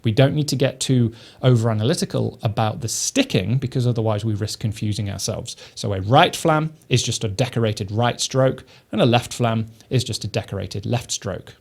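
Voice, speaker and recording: A man teaching snare drum technique, explaining each step calmly and methodically. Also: mid-range voice, moderate pace, gravelly, few pauses. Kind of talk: instructional explanation.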